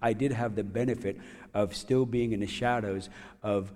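A man's voice: fairly low pitch, fairly even intonation, normal speed, darkish tone. Rambling man telling his story, reverberant. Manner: rambling, with frequent restarts and repeated words; chuckles often while telling. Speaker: speaker giving a personal testimony. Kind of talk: casual storytelling testimony.

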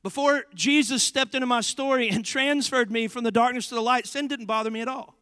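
Young pastor, high ringing tone, emphatic storyteller, long hall reverb. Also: male voice. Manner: animated storyteller, emphatic and drawn-out for stress. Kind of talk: sermon. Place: church sanctuary.

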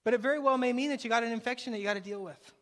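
A pastor preaching a sermon, with emphatic repeated phrases and a delivery that swells and drops. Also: male voice, very high voice, very fast, fairly bright tone. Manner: preaching with rising and falling intensity, repetitive emphatic phrasing.

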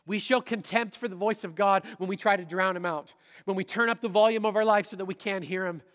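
A middle-aged man preaching in a church, his slightly high voice rising to loud emphasis and dropping to a near-whisper. The sound carries a long hall reverb. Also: steady tone, a little fast. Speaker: pastor. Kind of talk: sermon. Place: church sanctuary.

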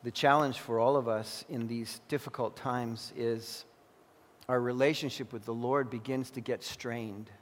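A man preaching a sermon as pastor, crying out in anguished prayer and then teaching calmly. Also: medium pitch, unhurried. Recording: long hall reverb.

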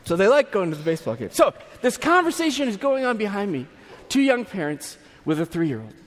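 A man's voice: high voice, big pitch swings, brisk, big-room sound. A man preaching a sermon as pastor, telling stories conversationally with asides and restarts.

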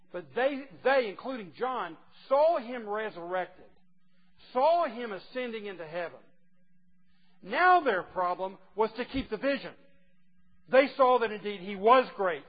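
High-voiced preacher man, emphatic. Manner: emphatic, swinging from quiet asides to loud declarations, teasing. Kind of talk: sermon. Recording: dull lo-fi recording with faint noise.

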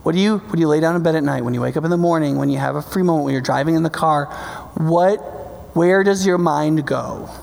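A man's voice: on the high side, brisk, creaky. A male pastor preaching a sermon, talking conversationally, checking in with his listeners, and building to passionate, emphatic peaks. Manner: builds to passionate, loud climaxes. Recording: long reverb of a large hall.

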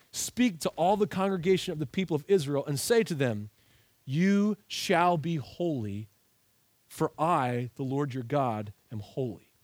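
A man's voice: fairly high pitch, no room sound. Emphatic man preaching a sermon, dry sound. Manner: earnest, emphatic preaching with quick asides. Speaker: pastor. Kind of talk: sermon with scripture reading.

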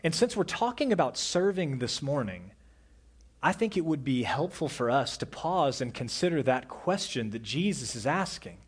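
A middle-aged male pastor preaching an earnest sermon, dropping to a soft hush on key words. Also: mid-range voice, big pitch swings, normal speed, husky.

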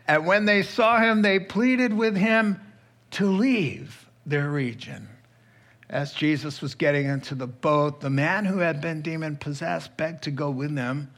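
A man's voice: on the high side, a bit bright. A man preaching a sermon as pastor, telling a scripture story with asides.

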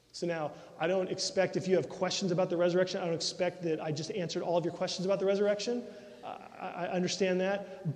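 A man preaching a sermon with an earnest, direct delivery, often easing into a soft and intimate tone. His voice sits fairly high for a man. The sound carries a long reverb from a large hall. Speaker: pastor.

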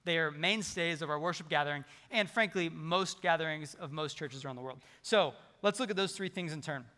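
Bright-voiced pastor preaching in a reverberant church. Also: male voice, on the high side, a little fast. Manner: animated, conversational preaching with humor. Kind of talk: sermon. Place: large church sanctuary. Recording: long hall reverb.

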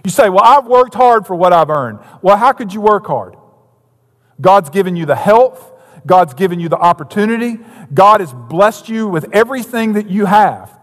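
A man delivers a sermon in a fairly high voice, shifting between quiet storytelling and emphatic, rising preaching. His words ring out with a long reverb from a church hall. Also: animated, normal speed. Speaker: pastor. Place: church sanctuary.

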